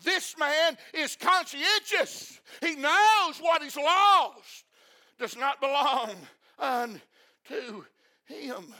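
A male preacher delivering an impassioned sermon, repeating phrases and breaking into shouts. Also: very high voice, animated, extremely slow.

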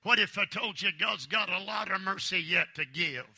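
A man preaching a revival sermon, fervently shouting, swinging between loud bursts and hushed lines, and calling on the congregation for amens. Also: high-pitched, normal speed, gravelly, slightly rough.

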